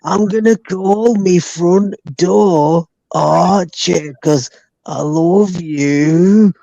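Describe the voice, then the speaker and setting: A man doing a creaky, doting slowpoke. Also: high-pitched, dark tone, no room sound, dull audio, full character voice. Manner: drawn-out sentimental declarations.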